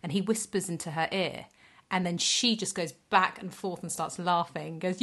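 A woman's voice: lowish voice, a little fast. A woman in her thirties co-hosting a podcast, telling stories animatedly and acting out the quotes. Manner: animated storyteller who acts out quotes. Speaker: podcast co-host. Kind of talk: casual storytelling chat.

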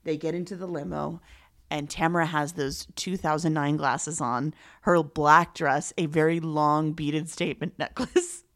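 A woman's voice: sits low, fairly even intonation. A woman co-hosting a podcast, chatting emphatically and gossiping about a reality show. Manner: emphatic, gossipy, quick to agree. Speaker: podcast co-host. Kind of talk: casual chat recapping reality TV.

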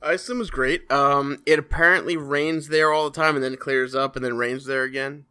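Young male co-host, bright voice, chatty storyteller who swears. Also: medium pitch, steady tone, normal speed, clear, resonant tone. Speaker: podcast co-host. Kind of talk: casual chat.

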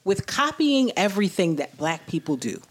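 A woman co-hosts a casual podcast chat at a normal speed, sounding animated and playful as she slips into high, sing-song bits.

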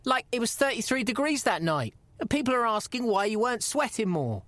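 A man's voice: very high voice, very animated, fairly quick, no echo, heavily acted. An actor playing an earnest, pushy male podcast interviewer who nags and pleads in a comedy audio drama. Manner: pleading and nagging, rising to frantic shouts. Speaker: podcast host character.

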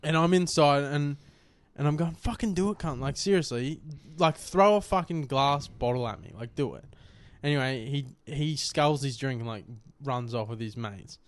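Young Australian bloke, podcast co-host, foul-mouthed storyteller, mid-pitched. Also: male voice, normal speed, few pauses. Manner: crude, swearing, rambling anecdote. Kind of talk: casual storytelling chat.

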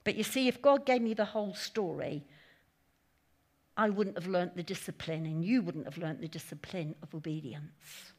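A woman's voice: on the low side, moderate pace. A woman giving a conversational sermon at a church meeting, with chatty asides and acted-out quotes. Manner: chatty, animated, laughing asides, acting out quotes. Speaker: preacher.

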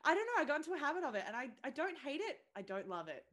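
A woman, co-hosting a podcast in casual chat, expressive and quick to giggle. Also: sits high. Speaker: podcast co-host.

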